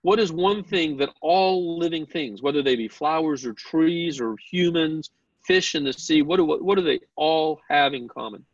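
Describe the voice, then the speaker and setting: A man lectures to a Bible class, earnest and openly excited about his point, and he keeps turning questions back to his students. His voice sits at a middle pitch with a gravelly edge. The recording is dry and dull, with a lo-fi sound. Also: moderate pace, no echo.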